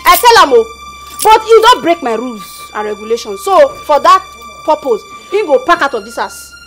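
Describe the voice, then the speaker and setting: Comedy skit, woman playing a Nigerian landlady, nagging, bossy, lively swinging voice. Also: high voice. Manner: bossy, nagging, talks in Pidgin. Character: strict scolding landlady, middle-aged woman.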